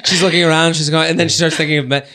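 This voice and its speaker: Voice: medium pitch, little pitch movement, very fast, bright, forceful tone. A person in casual chat who jokes playfully and laughs often.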